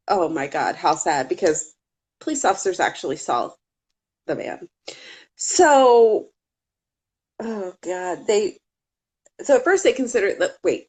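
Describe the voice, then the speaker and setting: A woman co-hosts a casual true-crime chat, talking freely with laughing asides and the odd swear word. Her voice sits at a middle pitch. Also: darkish tone. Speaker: podcast co-host.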